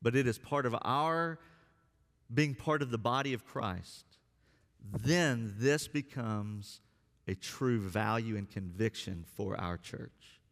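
A man preaching earnestly from a church stage, leaning on slow, drawn-out words to press his points home. His voice sits at a middle pitch, and each phrase rings on through the long reverb of a church hall. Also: a bit bright. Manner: earnest preaching, slows down for emphasis. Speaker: pastor. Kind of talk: sermon. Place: church sanctuary.

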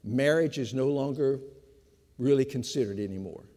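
An older man, a pastor of fifty years, preaching a sermon with emphatic repetition, slowing for stress and speeding through asides. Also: medium pitch, warm tone. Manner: emphatic preaching, repeats key phrases, shifts between slow stress and quick asides. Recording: long hall reverb.

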